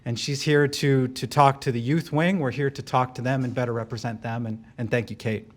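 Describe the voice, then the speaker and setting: A man giving a live speech at an event, wry and joking, with quick asides to the room. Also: mid-range voice, steady tone, a little hiss or hum. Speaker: event speaker and director of an advocacy group.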